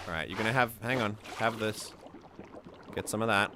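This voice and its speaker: A man's voice: on the low side, normal speed, noisy background. A man hosting a let's play, chatting casually and explaining his choices as he plays. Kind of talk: casual game commentary.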